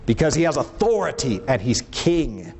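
A man's voice: medium pitch, very animated, moderate pace, darkish tone, a little hiss or hum. A middle-aged man preaching a sermon, emphatic, asking rhetorical questions and letting his voice rise and fall for emphasis.

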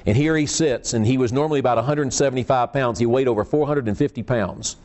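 A man's voice: medium pitch, quick pace, darkish tone. A man preaching a sermon, telling the story in a folksy way with frequent restarts and repeated words.

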